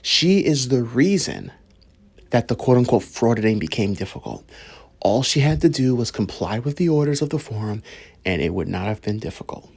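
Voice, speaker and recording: A man's voice: medium pitch, sing-song, normal speed, vocal fry, darkish tone, husky. A man hosting a reaction video, bluntly scolding the person in the clip and speaking directly to his viewers. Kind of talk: commentary on a clip.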